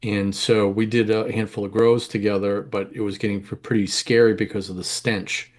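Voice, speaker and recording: A man's voice: on the low side, little pitch movement, moderate pace. A middle-aged man telling rambling, candid stories in an interview, often correcting himself mid-sentence. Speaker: interview guest, home grower. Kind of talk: casual storytelling interview.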